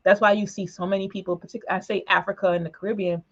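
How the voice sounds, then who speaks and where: A woman speaking emphatically in a political broadcast discussion, with quick asides and short laughs. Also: mid-range voice, little pitch movement, muffled recording. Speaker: panelist for a women's political organization.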